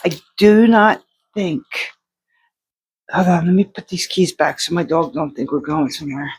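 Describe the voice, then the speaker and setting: A woman's voice: lowish voice, moderate pace, a little mellow, breathy edge. A woman artist chatting to her viewers at home in a rambling, casual way, full of restarts and fillers. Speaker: outsider artist vlogger. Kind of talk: casual chat to camera.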